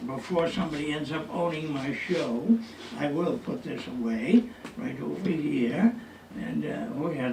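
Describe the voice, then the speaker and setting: Man, comic storyteller, folksy, rough gravelly tone, echoey hall, heard from afar. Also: on the high side, darkish tone. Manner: folksy, chatty, with a punchline delivery. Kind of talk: stand-up storytelling. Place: senior center hall with a tall ceiling. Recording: echoey hall, distant mic, faint noise.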